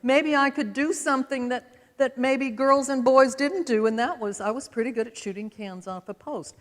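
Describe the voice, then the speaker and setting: On stage in a big auditorium, a high-pitched woman in her seventies from Utah speaks at a moderate pace. She gives a folksy, chatty storytelling talk full of self-deprecating humor, and a long hall reverb trails her words.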